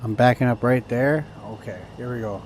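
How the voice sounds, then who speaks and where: A man's voice: medium pitch, normal speed, a little mellow, a little hiss or hum. A man streaming a game, chatting casually and ranting to his viewers with plenty of swearing. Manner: profane, ranting to chat. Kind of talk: casual gameplay chat.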